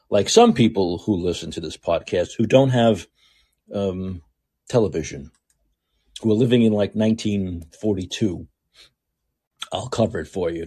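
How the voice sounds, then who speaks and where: A man's voice: fairly low pitch, slightly rough. A man hosting a political podcast, delivering a sarcastic, mocking commentary monologue. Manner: sarcastic, mocking, animated rants. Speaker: podcast host.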